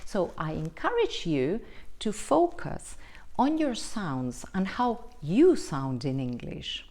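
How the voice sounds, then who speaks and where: A woman teaching English pronunciation in an online lesson, explaining slowly and deliberately and checking in often with the learner. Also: lowish voice, big pitch swings, warm tone. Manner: slow, deliberate, explanatory with frequent checks like "right?".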